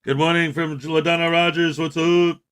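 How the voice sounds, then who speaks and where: A man hosting a casual livestream, greeting viewers by name, joking and shouting out milestones. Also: a little high, flat delivery, moderate pace. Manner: jokey, often shouting hype, laughing at his own jokes. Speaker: livestream host.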